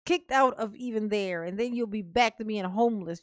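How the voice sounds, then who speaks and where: A woman with a mid-range voice hosts a casual livestream, laughing with her viewers in an affectionate, playful sing-song. She draws out her words and calls herself Mama, and the studio-quality audio has no echo.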